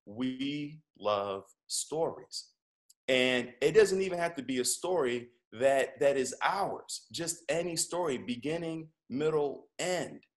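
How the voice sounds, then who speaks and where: A comedian and podcast guest telling a story in easy conversation, a man who rambles a little and often restarts his sentences. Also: mid-range voice. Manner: relaxed, rambling, with frequent restarts.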